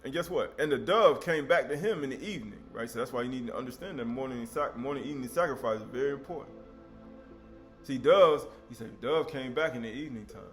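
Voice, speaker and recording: A man with a mid-range voice talks fast while preaching an informal sermon, faint music playing behind him. He reads scripture and breaks into conversational asides and rhetorical questions.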